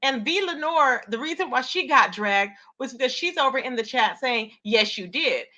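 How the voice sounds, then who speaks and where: In dull-sounding audio, a woman with a high-pitched, bright, forceful voice and lively intonation speaks at normal speed. She reacts to a streamed argument with sassy gossip, talking to her chat as "y'all" in casual commentary.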